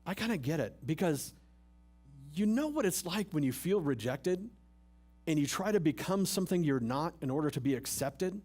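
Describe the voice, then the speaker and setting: Man, pastor, church sermon, slightly high voice, chatty, joking, rhetorical questions. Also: expressive, normal speed, a little mellow. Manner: conversational, humorous preaching with rhetorical questions. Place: church service.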